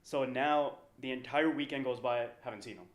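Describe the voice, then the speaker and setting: A man's voice: medium pitch, moderate pace. A man in his thirties, a professional fighter guesting on a podcast, telling a long story casually with lots of fillers. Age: 30s. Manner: rambling, filler-heavy storytelling. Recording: roomy echo.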